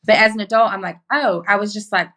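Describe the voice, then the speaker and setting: A middle-aged woman from Arkansas talks fast in a medium-pitched voice with a Southern accent. As a podcast guest she tells stories in casual, emphatic, animated chat, swearing plenty.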